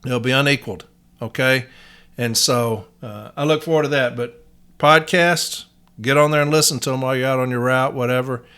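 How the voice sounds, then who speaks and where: A man's voice: mid-range voice, steady tone, normal speed, sharp tone, smooth. A man from Nashville, Tennessee, with a Southern accent, hosting a podcast in a blunt, folksy monologue. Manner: blunt, folksy, uses y'all. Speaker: podcast host.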